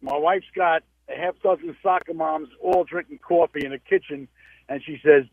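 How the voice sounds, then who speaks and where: A male caller with a high voice tells a funny family story, full of lively delivery. The audio is dull and lo-fi, with a dry sound. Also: normal speed, gravelly, dry recording. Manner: animated storyteller. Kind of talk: telling a funny story on a call-in show.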